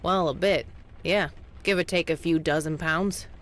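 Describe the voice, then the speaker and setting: A man's voice: on the high side, fairly even intonation, moderate pace, a bit bright, lightly acted. A man doing an easygoing, teasing companion. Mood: concerned. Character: concerned, wisecracking game companion.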